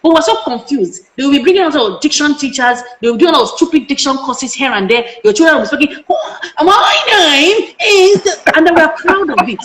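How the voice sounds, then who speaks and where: A woman's voice: sits high, expressive, fast, few pauses, a little hiss or hum. A middle-aged Nigerian woman, a parenting educator, speaking passionately in an interview and firing off emphatic rhetorical questions. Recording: echoey room.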